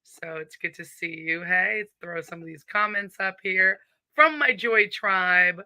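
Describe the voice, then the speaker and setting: A woman's voice: fairly low pitch, a little slow, pushed and bright, dry recording. A woman with a Southern accent hosting a casual live stream from home, chatty and upbeat as she greets viewers and reads their comments.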